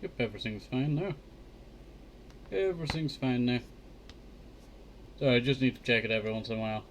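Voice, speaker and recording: A man's voice: medium pitch, brisk, muffled recording, a little hiss or hum. A man streaming a survival game, counting blocks under his breath and chatting to himself. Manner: mutters counts under his breath, flares up in annoyance at mobs. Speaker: Minecraft streamer. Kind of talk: casual gameplay commentary. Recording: clear keyboard clicks behind the voice.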